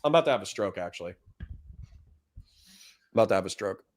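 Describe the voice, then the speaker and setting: A man's voice: on the low side, animated. Blunt, profane male livestream host. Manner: blunt, profane, quick to get heated. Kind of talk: livestream commentary reading chat.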